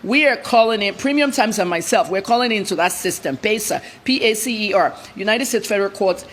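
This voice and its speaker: A woman's voice: medium pitch, animated, fairly quick, slight background noise. Blunt, emphatic woman journalist. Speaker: journalist guest. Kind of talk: TV news interview answers.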